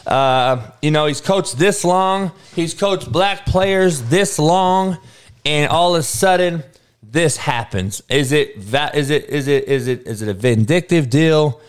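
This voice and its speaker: A man's voice: fairly high pitch, a little slow, smooth. A man hosting a casual streamed sports chat, swearing freely and bantering. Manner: profane, animated, laughing banter. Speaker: sports show host.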